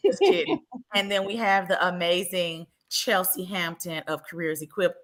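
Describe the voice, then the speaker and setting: A woman's voice: on the low side, normal speed, a bit bright. A woman hosting a live podcast, chatting casually, laughing often and loose in her speech. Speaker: podcast host.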